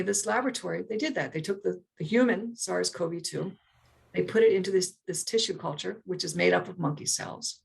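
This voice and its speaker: Low husky woman explaining earnestly. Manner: earnest, with many restarts and repeated words. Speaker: guest, primatologist. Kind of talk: explanatory interview talk.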